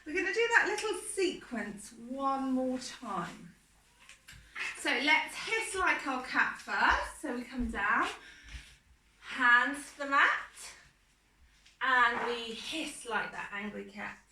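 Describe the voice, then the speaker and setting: A woman teaching a children's yoga class, giving soft, encouraging step-by-step instructions. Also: high-pitched, expressive, takes it slowly, distant mic, slight background noise. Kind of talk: guided kids' yoga class. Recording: echoey room, voice from off-mic.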